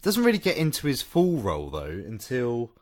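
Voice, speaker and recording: A man co-hosting a casual podcast, his pitch rising and falling freely as he jokes around. He sits in the middle range for a male voice and laughs often between remarks. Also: normal speed. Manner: animated, laughs often, jokey. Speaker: podcast co-host.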